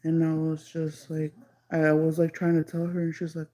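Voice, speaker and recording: A woman's voice: low-pitched, monotone, warm tone, rough recording. A woman casually telling a story on a livestream, rambling with lots of "like" and slipping into Spanish. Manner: rambling, heavy use of "like", slips into Spanish; stretches some phrases out slowly when stressing them.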